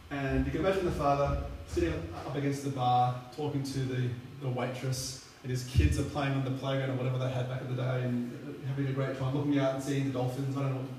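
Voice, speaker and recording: A man's voice: medium pitch, flat delivery, fast, few pauses, a little mellow. A man preaching a sermon, telling a story in a chatty, rambling way with lots of fillers. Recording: echoey hall, distant mic, faint hum.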